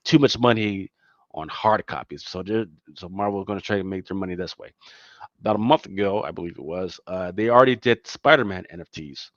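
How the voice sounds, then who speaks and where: This Philly co-host sits low and talks a little fast over a dull, dry podcast recording. His casual chat is emphatic, with repeated words and plenty of "man" and "right?".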